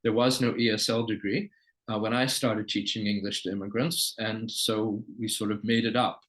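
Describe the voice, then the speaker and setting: A man hosts the conversation as the interviewer. His voice is fairly low. He chips in with brief reactions and then asks clarifying questions. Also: fairly even intonation, moderate pace, fairly bright tone, rough recording. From United States. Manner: short interjections and follow-up questions.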